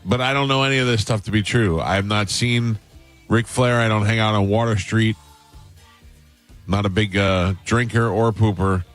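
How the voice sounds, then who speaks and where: A man hosting a radio show, delivering mock-serious, deadpan banter. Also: fairly low pitch, normal speed. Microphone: studio microphone. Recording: dry studio sound with faint music.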